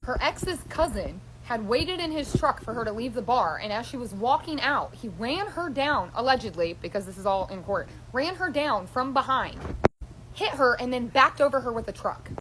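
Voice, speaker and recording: A woman's voice: on the high side, expressive, moderate pace, noisy background. A woman telling a story casually to camera, blunt and emphatic, swearing freely.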